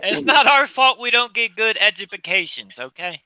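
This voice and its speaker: A man's voice: high voice, expressive, normal speed, pushed and bright, dry recording, rough recording. A man from the United States co-hosting a casual podcast, making self-deprecating jokes with some mild swearing. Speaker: podcast co-host.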